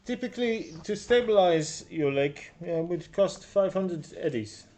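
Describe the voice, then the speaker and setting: A man's voice: high-pitched, animated, a little slow, a little mellow. A man voicing a shrewd female clinic doctor with a put-on Russian accent, speaking formally and haggling over prices. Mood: businesslike. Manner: formal, hesitant, businesslike upselling.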